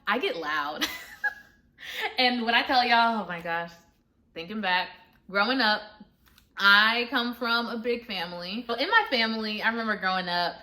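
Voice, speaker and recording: A woman's voice: a little high, normal speed, bright, forceful tone. A young adult woman talking to viewers in a candid personal vlog, earnest and confessional, often laughing. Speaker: vlogger.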